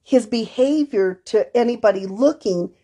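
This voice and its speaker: A woman's voice: fairly high pitch, a little slow, mellow. A woman therapist co-hosting a podcast conversation, telling stories from her sessions and acting out the quoted dialogue. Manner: storytelling, acts out quoted dialogue. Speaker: therapist co-host.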